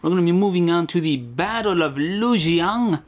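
A man's voice: high voice, expressive, normal speed. A young man hosting a game playthrough, crude, joking and rambling as he plays. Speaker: let's play host. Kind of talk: comedic game commentary.

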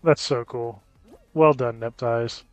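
Gaming YouTuber, male, casual running commentary, loud reactions, dry close mic. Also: mid-range voice, slow, no room sound, soft background music. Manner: chatty, reacts loudly to near misses.

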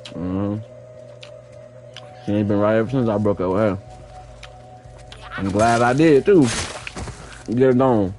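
A man giving live gameplay commentary, playfully trash-talking enemies and repeating excited catchphrases. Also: fairly low pitch. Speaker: gaming streamer.

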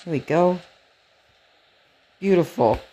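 A man giving casual, rambling commentary while playing a game, gasping and getting excited at cute animals. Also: high-pitched, takes it slowly, slight background noise. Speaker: let's play gamer.

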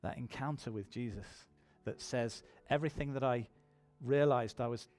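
A man's voice: mid-range voice, moderate pace, darkish tone, soft background music. A man preaching a sermon in church, telling his own testimony and building to emphatic appeals.

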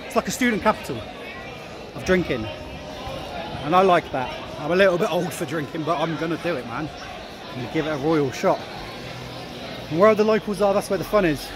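On a loud, busy city street at night, a chatty male travel vlogger films himself with a handheld camera for a casual walk-and-talk video. His slightly high voice is animated, at a moderate pace with frequent pauses, and he jokes, laughs a lot and swears casually amid the crowd noise.

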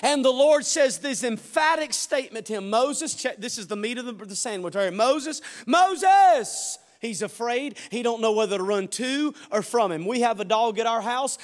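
A male pastor with a very high voice preaches fervently, rising to shouts and then dropping to quiet, joking asides. His folksy delivery rings through a large church sanctuary. A long reverb trails every phrase. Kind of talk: sermon.

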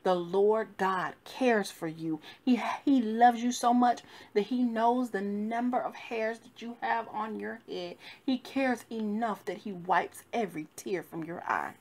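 A woman minister giving a devotional sermon, fervent and rising and falling with emphasis, at times soft and grieving. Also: medium pitch, unhurried, few pauses.

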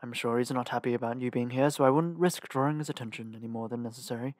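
A man's voice: medium pitch, fairly even intonation, fast talker, no echo, natural voice. A man as a dry, reserved guard captain. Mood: reasoning.

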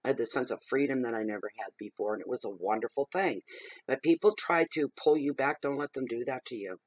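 A middle-aged man giving a general tarot reading, expressive and emphatic, working himself up as he talks. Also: mid-range voice, fast, no echo, low-quality recording. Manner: expressive and emphatic, gets riled up. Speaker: tarot reader.

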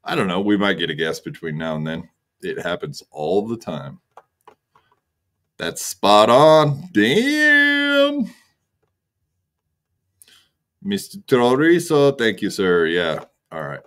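A streamer host wraps up his livestream with a laid-back, casual sign-off full of crude jokes. He has a deep, expressive voice and speaks at a moderate pace.

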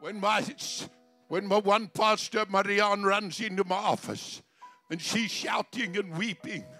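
South african pastor guy, loud fiery preaching, high bright voice, slow, music in back. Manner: fiery, preaching with shouts and speaking in tongues. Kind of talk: outdoor revival sermon. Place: outdoor city square service.

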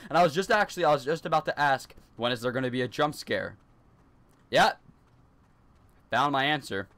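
A man's voice: medium pitch, normal speed, a bit bright, no room sound. A young man playing a horror game in his hot bedroom, talking nervously to himself and repeating lines as he runs. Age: teens. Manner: nervous, repetitive self-talk. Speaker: gaming YouTuber.

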